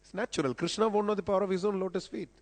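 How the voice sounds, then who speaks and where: Man, devotional lecture, fairly high voice, quotes scripture with emphasis, long hall reverb. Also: steady tone, rapid-fire. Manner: explanatory, quotes scripture with rising emphasis, coughs now and then. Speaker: speaker at temple festival lecture. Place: temple hall.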